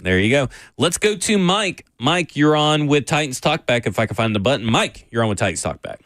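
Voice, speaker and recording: A man's voice: medium pitch, big pitch swings, fairly quick, a bit bright, no room sound. A man hosting a sports call-in radio show from the studio, bantering easily and laughing often. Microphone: studio mic.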